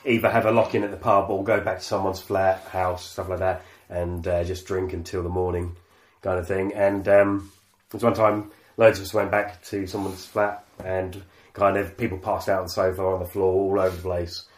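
A man co-hosting a casual podcast chat, talking in a relaxed, halting way with many fillers. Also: sits low, reverberant. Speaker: podcast co-host.

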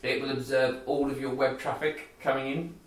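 A man's voice: medium pitch, level tone, normal speed. A man, chatting casually on a podcast, swearing freely and laughing often. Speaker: podcast co-host. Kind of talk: casual banter. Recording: very echoey, distant from mic.

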